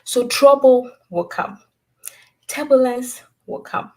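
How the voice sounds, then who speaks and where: Donna ospite, ritmo lento, tono misurato, incoraggiamento di fede. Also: female voice, high-pitched, slow pace, poor audio. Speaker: guest speaker. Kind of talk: inspirational faith-based talk.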